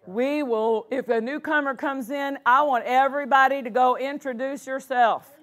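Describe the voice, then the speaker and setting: A woman's voice: high voice, steady tone, normal speed, a bit bright. A woman pastor preaching a sermon in a church, punctuating her points with exclamations of praise. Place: church sanctuary.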